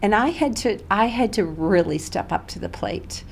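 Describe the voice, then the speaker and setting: A woman's voice: medium pitch, expressive, moderate pace, vocal fry, a little hiss or hum. A middle-aged woman who owns a med spa, speaking earnestly as a guest in an interview conversation. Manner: earnest, grows tearful and soft-spoken at times.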